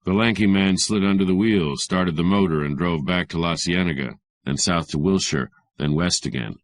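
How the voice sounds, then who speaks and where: Deep-voiced man narrating an audiobook. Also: no echo, clean studio sound. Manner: measured, even narration. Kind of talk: audiobook reading of hardboiled fiction.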